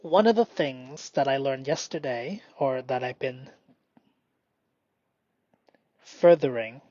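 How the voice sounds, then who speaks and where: A man doing a slow, meditative spoken self-reflection, halting and often dropping into a whisper. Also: medium pitch, lively intonation, dark tone, no echo. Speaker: solo performer. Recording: dull lo-fi dry recording.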